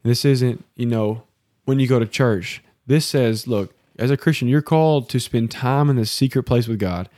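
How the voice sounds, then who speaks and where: A man co-hosts a home-recorded devotional podcast, preaching earnestly with a mellow, dark tone. He sits close to the mic in a dry home office. Between exhortations he teases his co-host lightly. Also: medium pitch, normal speed, dry recording. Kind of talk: casual devotional podcast talk.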